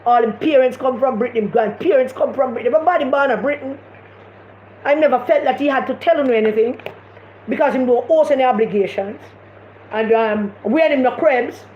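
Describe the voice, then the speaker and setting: A woman's voice: high voice, fairly quick. A woman with a Jamaican accent giving impassioned political commentary on a live stream, repeating her points with emphasis. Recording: echoey room, dull lo-fi sound, faint noise.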